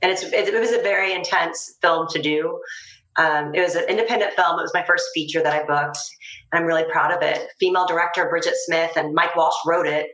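Lowish-voiced woman chatting in an interview, laughs a lot, echoey room. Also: brisk. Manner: lively, laughs often, chatty. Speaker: actress guest. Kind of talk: casual interview chat. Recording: roomy echo.

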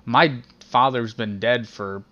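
A man co-hosts a podcast in casual conversation, laying out his opinions in an earnest, steady way. The audio is dull and lo-fi. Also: mid-range voice, takes it slowly. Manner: earnest, opinionated, lays out arguments. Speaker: podcast co-host. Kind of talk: casual banter.

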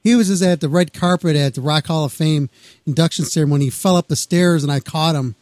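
A man's voice: a little high, fast, a little mellow, dry recording, studio quality. A man hosting a casual interview, chatting with enthusiasm and frequent interjections. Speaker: host.

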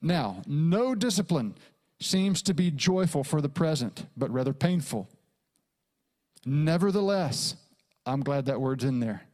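A man's voice: a little high, lively intonation, measured pace, darkish tone. Emphatic male pastor preaching a sermon. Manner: preaching with emphatic repetition and dramatic quoted asides.

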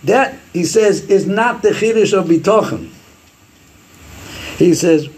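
A man's voice: high voice, slow, long pauses, slight background noise. A man giving a Torah class, quoting Hebrew sources and acting out the sayings as he explains them. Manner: animated, quotes Hebrew sources and acts out sayings. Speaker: Torah teacher.

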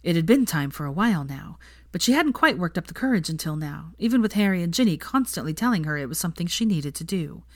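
A woman reading fan fiction aloud with steady, even storytelling narration. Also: fairly low pitch, fast talker, dry recording, studio quality. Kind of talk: audiobook narration.

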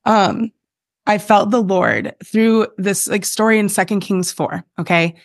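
Speaking at a measured pace in a mid-range voice, a woman in her thirties appears as a guest in a relaxed podcast interview, recorded cleanly in a studio without echo. She comes across as earnest, leans heavily on "um" and "like," goes off on tangents, and briefly shows emotion.

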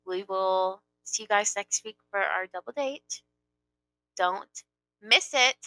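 A woman co-hosting a podcast in casual chat, animated and mock-offended. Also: mid-range voice, takes it slowly, no echo. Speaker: podcast co-host.

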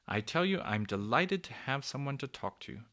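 A man voicing a kindly, lonely old female cuckoo in a storybook, with a soft, cooing, fussy, genteel manner. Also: mid-range voice, sing-song, normal speed. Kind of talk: storybook reading.

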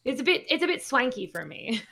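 Bright-voiced blunt woman in her thirties. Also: sits high, big pitch swings, normal speed, vocal fry. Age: 30s. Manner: blunt, swearing, many fillers. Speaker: podcast co-host. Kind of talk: casual podcast chat.

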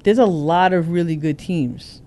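A man with a notably high, smooth and clear voice hosts a casual sports podcast. He keeps things easygoing, laughing often and steering the chat along. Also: a little slow, a little mellow. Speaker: podcast host.

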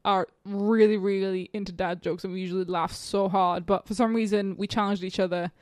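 A woman's voice: medium pitch, steady tone, a little fast, a little mellow, no room sound, clean studio sound. A woman co-hosting a podcast in casual chat, chatty and self-deprecating, laughing often. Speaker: podcast co-host.

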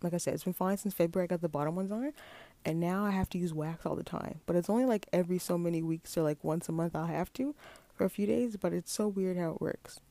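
A woman's voice: on the low side, quick pace, vocal fry, dark tone, no echo. A woman in her late twenties telling a rambling, casual story, full of fillers and asides. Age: late 20s. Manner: chatty, rambling with many fillers. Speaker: vlogger.

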